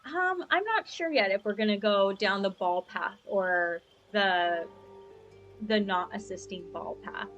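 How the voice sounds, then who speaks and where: A woman's voice: mid-range voice, measured pace, a bit bright, lo-fi sound, faint music behind. A young woman chatting casually while streaming a game, rambling and upbeat, on a lavalier mic at home. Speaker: gaming streamer. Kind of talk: casual live-stream chat.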